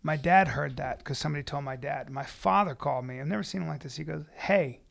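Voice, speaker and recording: Podcast co-host, male, slightly high, gravelly, animated. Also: quick pace. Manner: animated, excitable storyteller. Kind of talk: casual chat.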